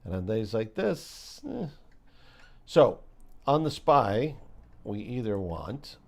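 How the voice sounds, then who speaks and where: A man hosting a live day trading stream, talking casually in a slow, rambling way and poking fun at himself. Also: lowish voice, sing-song, creaky, a little mellow. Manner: slow, rambling, self-mocking with small laughs.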